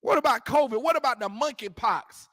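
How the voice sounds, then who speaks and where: A man's voice: very high voice, expressive, a little fast, fairly bright tone, no room sound, clean studio sound. A man teaching a scripture class in an emphatic, repetitive way, using street slang and firing rhetorical questions. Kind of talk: preaching scripture commentary.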